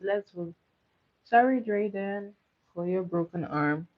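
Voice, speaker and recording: A woman's voice: medium pitch, slow pace, highs cut off. A woman chatting casually on a livestream while doing her makeup, reading viewer comments and running playful votes.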